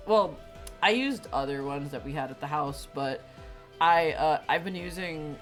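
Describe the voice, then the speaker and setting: A young woman streaming, congested and tired, chatting loosely with viewers and laughing often. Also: deep voice. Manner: rambling, frequent laughs and fillers. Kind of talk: casual chat with stream viewers. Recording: faint music behind.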